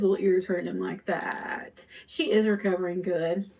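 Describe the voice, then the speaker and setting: A woman's voice: mid-range voice, fairly even intonation, brisk, vocal fry, a little mellow. A woman hosting a crafting live stream, chatting to viewers in a rambling, conversational way while she works. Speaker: custom cup shop owner hosting a live stream.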